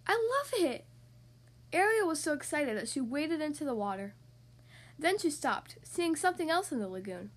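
A woman hosting a podcast and reading a picture book aloud for young children, with expressive storytelling. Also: sits high, moderate pace. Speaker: podcast host and reader.

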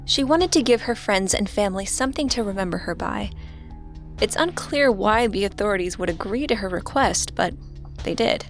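Female podcast co-host, mid pitch, steady scripted true-crime narration, faint music. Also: moderate pace.

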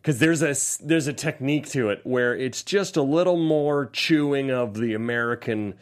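A man's voice: medium pitch, normal speed. A man co-hosting a casual movie review podcast, laughing often and acting out scenes in goofy voices. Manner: animated, laughs often, acts out lines in silly voices. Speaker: podcast co-host.

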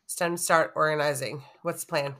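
A woman's voice: low voice, steady tone, fairly quick, sharp tone. A woman player in a tabletop game, talking in a chatty, rambling way.

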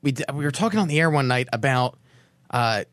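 A man's voice: medium pitch, lively intonation, a little fast, fairly bright tone, no echo, studio quality. A man hosting a radio show, chatting casually and telling a story from his time on the air. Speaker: radio host. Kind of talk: casual radio interview chat.

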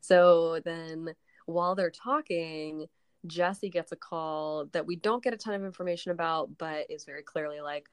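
A woman's voice: low-pitched, fairly even intonation, normal speed, smooth, no room sound, clean studio sound. Rambling, swearing woman on a podcast. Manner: rambling retelling full of "like" and frequent swearing. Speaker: podcast co-host recapping a TV episode. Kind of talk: casual chat.

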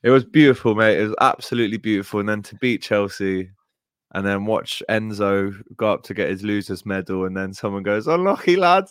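A man's voice: lowish voice, steady tone, brisk, clean tone, dry recording, clean studio sound. A man co-hosting a podcast in casual chat, enthusiastic and heartfelt, often calling his co-host "mate" and "bro". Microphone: podcast microphone.

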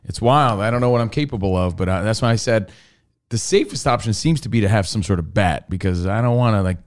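A man on a podcast telling a funny story in casual chat, swearing and laughing as he acts out scenes. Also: quick pace. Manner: animated, jumps high when acting out scenes; profane, laughing. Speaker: podcast co-host.

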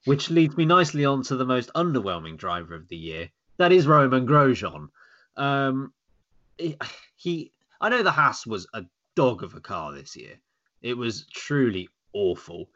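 A man's voice: medium pitch, a bit bright, highs cut off. A man hosting a podcast, chatting casually in a wry, joking way. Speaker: podcast host. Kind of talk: casual chat.

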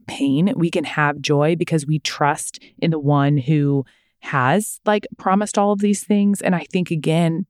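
A woman's voice: low voice, darkish tone, no room sound, clean studio sound. A woman co-hosting a faith podcast, talking in an earnest, reflective way with many "like" fillers. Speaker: podcast co-host. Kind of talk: casual faith chat.

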